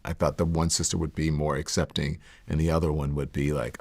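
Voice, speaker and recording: A middle-aged man speaks low with a gravelly edge as he recounts his past. His delivery is reflective and halting, full of fillers and restarts. He sounds like a guest opening up in a sit-down interview. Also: flat delivery, darkish tone. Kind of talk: candid personal storytelling.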